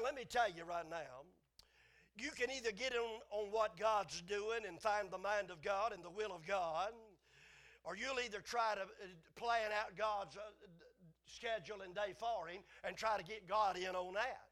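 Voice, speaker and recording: Male preacher, high-pitched, emphatic sermon delivery with big swings between hushed and loud. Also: normal speed. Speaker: preacher teaching a Bible lesson.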